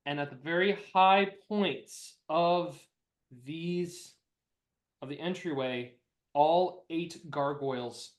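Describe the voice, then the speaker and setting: A man running a tabletop game as dungeon master, casual and playful in his narration. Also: on the high side. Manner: casual, playful, fast asides.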